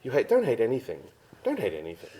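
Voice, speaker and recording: A woman's voice: very deep voice, huge pitch swings, fast talker, a crowd in the background. A woman hosting a casual family podcast, bossy and teasing as she prods the others along, laughing easily. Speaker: podcast host.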